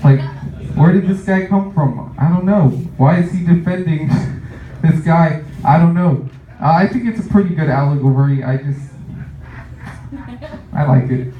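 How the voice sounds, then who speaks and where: A man's voice: on the high side, measured pace, long pauses. A young man doing a stand-up comedy set, rambling with lots of fillers and laughing at his own jokes. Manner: rambling, filler-heavy, self-amused. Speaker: stand-up comic. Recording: echoey room, distant muffled mic.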